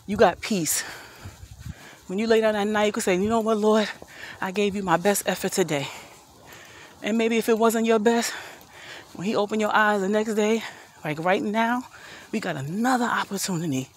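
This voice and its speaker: A woman in her fifties with an earnest, preachy way of talking, a little out of breath as she walks uphill outdoors and talks into a phone. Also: mid-range voice. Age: 50s. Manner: preachy, earnest, addresses viewers as family. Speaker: vlogger. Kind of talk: motivational walk-and-talk vlog. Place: outdoors walking up a hill.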